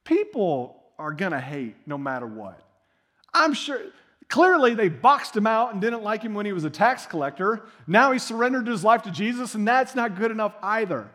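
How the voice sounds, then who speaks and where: Male pastor, high-pitched, conversational and animated sermon delivery. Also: moderate pace. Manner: conversational, animated preaching with slang asides.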